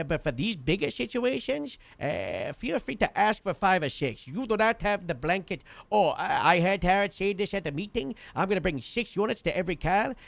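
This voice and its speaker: A man's voice: fairly high pitch, creaky, no echo. A man playing a police captain in a role-play, giving a casual briefing that rambles, full of "uh" and "you know".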